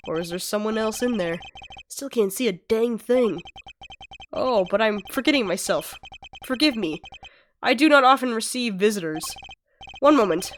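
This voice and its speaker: A woman's voice: on the high side, expressive, normal speed, long pauses, a little hiss or hum, close to an everyday voice. Woman putting on a courtly blind assassin. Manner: courtly, softly menacing. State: sick-sounding. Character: calm, sinister blind male assassin prisoner.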